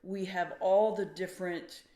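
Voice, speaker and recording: A woman's voice: lowish voice, steady tone, measured pace, dark tone. A woman, a songwriter, giving interview answers in a thoughtful, emotional way. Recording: echoey room.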